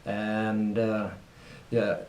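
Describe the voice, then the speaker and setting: A man's voice: lowish voice, monotone, drawn-out words, darkish tone, distant mic, a little hiss or hum. A man answering interview questions in a hesitant, rambling way, slipping in wry jokes. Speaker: guest. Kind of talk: casual interview. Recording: echoey room.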